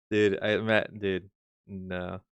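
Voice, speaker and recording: A man's voice: lowish voice, fairly bright tone, clean tone, no echo, clean studio sound. A man commenting casually on a video he is reacting to, joking and swearing freely. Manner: profane, joking, mocking. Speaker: reaction streamer.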